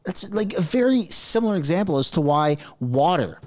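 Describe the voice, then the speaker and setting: A man's voice: high-pitched, very animated, normal speed. A man giving a sarcastic, exasperated political rant as a commentary host. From Canada.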